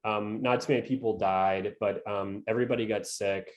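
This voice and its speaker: A man's voice: fairly low pitch, fairly even intonation, moderate pace, dull audio. A man with a New England accent co-hosting a podcast, telling a story in a laid-back, profane way with lots of fillers. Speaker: podcast co-host. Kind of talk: casual storytelling chat.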